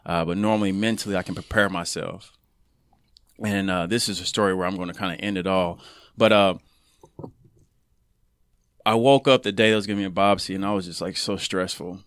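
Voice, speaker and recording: A man on a podcast telling a personal story in an earnest, casual way, growing animated when he acts out what people said. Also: low-pitched, fairly quick, long pauses, smooth, no room sound, studio quality. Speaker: podcast guest.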